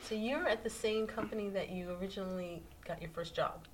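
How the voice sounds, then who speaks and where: A woman from Brooklyn co-hosting a casual chat, talking in a warm, chatty way and laughing along. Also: mid-range voice, fairly quick. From Brooklyn, New York. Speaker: co-host. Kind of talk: casual conversation.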